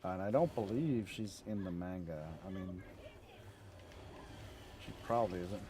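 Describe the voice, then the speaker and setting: This man's voice is low-pitched and warm, a little slow, with slight background noise behind it. Streaming a video game, he offers casual gameplay commentary, wandering through stories, swearing loosely and laughing at his own anecdotes.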